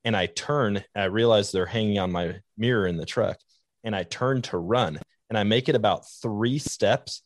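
A man with a low voice hosts a podcast, telling his stories in a casual, meandering way. He leans on "like" as a filler. The sound is dry and close. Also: normal speed, no room sound. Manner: rambling anecdotes with many "like" fillers. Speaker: podcast host. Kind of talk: casual storytelling chat.

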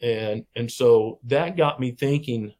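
A man's voice: mid-range voice, slow. Folksy middle-aged man telling stories. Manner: folksy, animated storyteller who acts out quoted people. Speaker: podcast guest, wildlife researcher. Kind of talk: casual storytelling interview.

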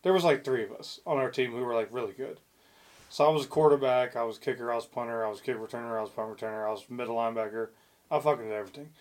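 A man's voice: mid-range voice, fairly even intonation, very fast. A young man co-hosting a casual podcast, telling stories in a rambling way, full of fillers, restarts and swearing. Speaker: podcast co-host. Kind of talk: casual chat.

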